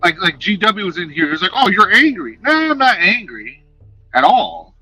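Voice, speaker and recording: A man chatting casually on a live stream, talking in an animated, passionate way and swearing freely, speaking into a headset. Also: sits high, moderate pace, husky, no echo, faint music behind, low-quality recording. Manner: animated, passionate, profane talk.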